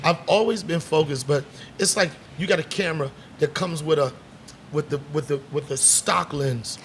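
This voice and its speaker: Middle-aged man, comedian, lively storyteller, slightly high voice, faint room hum. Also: normal speed. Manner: animated storyteller, acts out voices, swears freely. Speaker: comedian guest. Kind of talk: casual storytelling chat. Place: bar set.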